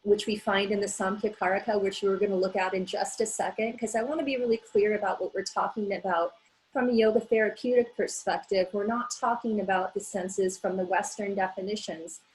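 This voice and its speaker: A woman presenting her graduate research in a measured, explanatory way, with frequent fillers as she goes. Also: mid-range voice, steady tone, a little mellow, slight background noise, rough recording. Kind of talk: academic presentation.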